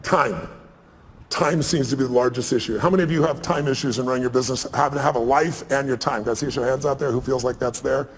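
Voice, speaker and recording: A man speaking on stage to an audience, telling stories fast and with emphasis, acting out what others said. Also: mid-range voice, a little hiss or hum. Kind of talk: stage conversation, storytelling. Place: large event hall with audience. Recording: reverberant hall, faint ambience.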